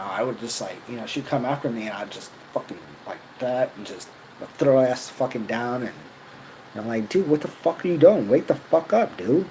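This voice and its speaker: A man's voice: lowish voice, a little mellow, a little hiss or hum, poor audio. A young man telling a rambling personal story, casual and profane, full of fillers and slang. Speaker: vlogger.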